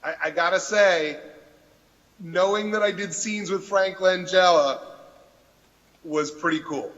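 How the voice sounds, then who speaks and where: Man, high voice, slow, joking voice actor on a panel, convention hall reverb. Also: a bit bright, dull audio. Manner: joking, playful, unhurried. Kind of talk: panel Q&A answers. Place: large convention hall stage.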